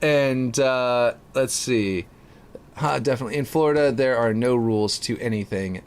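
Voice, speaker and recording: A man's voice: mid-range voice, normal speed, clean tone. Laid-back man with a Louisiana accent. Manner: rambling, lots of fillers, laid-back. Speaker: livestreamer building game maps. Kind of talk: casual livestream chat while building.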